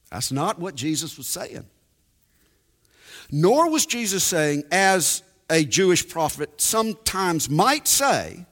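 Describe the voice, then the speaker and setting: A man preaching a sermon, emphatic and deliberate, repeating his key points. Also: fairly high pitch, sing-song, fairly bright tone, in a large hall.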